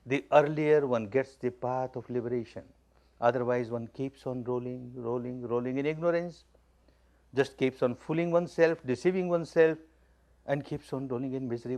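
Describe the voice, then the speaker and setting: A man speaks as a spiritual teacher, with a voice of ordinary middle pitch. He drives each point home by repeating the key phrases, in a plain and emphatic way. He tells simple illustrative stories as part of the discourse. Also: darkish tone. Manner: repetitive, emphatic, plain-spoken storytelling. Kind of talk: spoken discourse.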